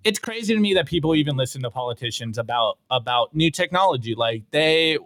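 A man with a somewhat high voice co-hosts a casual podcast, piling up opinions in a rambling, emphatic way. He leans on fillers like "like" and "you know" and laughs often. The sound is close and dry. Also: animated, fast, fairly bright tone, dry recording. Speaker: podcast co-host.

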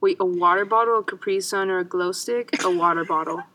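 A woman's voice: lowish voice, fairly quick, pushed and bright, slight background noise. A young woman co-hosting a podcast, laughing easily and reacting with short interjections. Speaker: podcast co-host. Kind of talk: casual chat.

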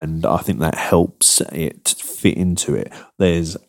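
A man co-hosting a podcast, giving measured, thoughtful critique with a few fillers. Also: sits low, gravelly, no echo, studio quality. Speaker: podcast co-host. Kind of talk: analytical music discussion.

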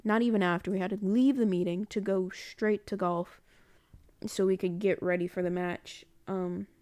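A woman chats through a story for her own audio diary, wandering off and correcting herself as she goes. Her voice is soft and mellow, and it sits close and dry with no room sound. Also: medium pitch, steady tone, normal speed, no echo. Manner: rambling, chatty, corrects herself mid-sentence. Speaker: student recording a personal audio diary. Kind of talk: casual storytelling monologue.

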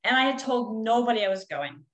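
A woman's voice: on the high side, lively intonation, brisk, a bit bright, poor audio. A woman, a coach, telling a personal story in a candid, rambling way with frequent fillers.

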